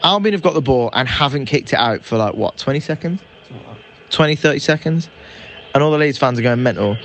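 A man giving lively, animated live match commentary as a fan. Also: mid-range voice, brisk. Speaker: podcast co-host. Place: indoors by a fireplace.

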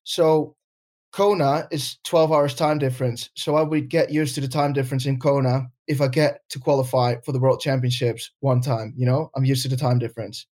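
A man's voice: mid-range voice, steady tone, normal speed, a little mellow. A man co-hosting a podcast, chatting casually, laughing often and swearing now and then. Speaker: podcast co-host.

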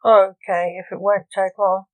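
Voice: medium pitch, flat delivery, unhurried, close to an everyday voice, rough recording. A woman voicing an impatient, complaining young man.

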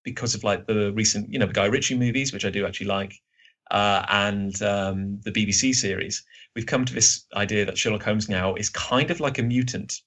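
Halting British man, slightly husky. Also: fairly low pitch, a bit bright. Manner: hesitant, many fillers and restarts. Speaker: guest writer. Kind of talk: casual podcast chat.

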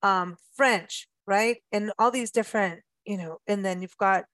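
A woman host, talking in a loose, chatty way and laughing often between thoughts. Her voice is mid-pitched, and the sound is dry and close to the mic, with no room around it. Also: a little slow, fairly bright tone, no room sound. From South Africa. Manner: chatty, laughing, with playful asides. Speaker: radio show host. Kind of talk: casual chat.

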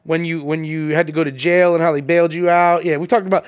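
A man's voice: a little high, steady tone, fast talker, clean tone. A man co-hosting a podcast, joking and laughing through casual banter. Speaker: podcast co-host.

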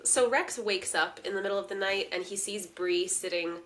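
A young woman in casual chat, narrating plot points with a dreamy, descriptive touch. Her voice sits at a middle pitch for a woman. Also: moderate pace, fairly bright tone. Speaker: podcast co-host. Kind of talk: casual chat recapping a TV episode.

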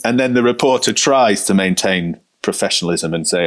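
A man's voice: sits low, normal speed, few pauses, dry recording. A man chatting about football as a podcast panelist, telling stories animatedly. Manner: animated storyteller, mimics managers in quotes. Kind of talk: casual football chat.

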